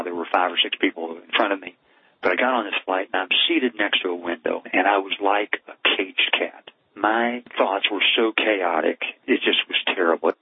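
A man's voice: sits low, husky, no room sound. A middle-aged man, a cardiologist guest, telling a personal story in an earnest, heartfelt way. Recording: tinny phone line, dry.

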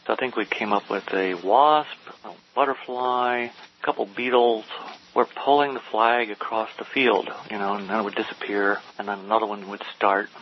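A man's voice: on the low side, moderate pace. A man casually telling a long anecdote, acting out the lines of the people in it. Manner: animated, quotes people in dialogue. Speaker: storyteller guest. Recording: dull lo-fi sound with faint hiss.

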